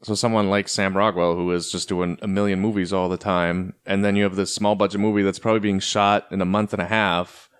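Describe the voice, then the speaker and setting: Rambling low-voiced man podcast co-host. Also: level tone, fairly quick, few pauses, smooth. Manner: rambling, filler-heavy, lots of "like". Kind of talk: casual chat.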